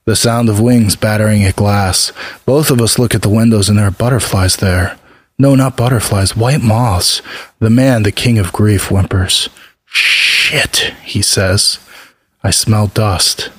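A man narrating a first-person story in a subdued, even manner. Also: fairly low pitch, unhurried, no room sound.

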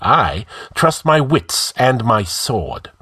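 A man's voice: medium pitch, very animated, slow pace, pushed and bright, breathy edge, dry recording, pitched above the performer's own voice, exaggerated voice. A man voicing an arrogant, scheming male outlaw who gives orders in a commanding, scornful way.

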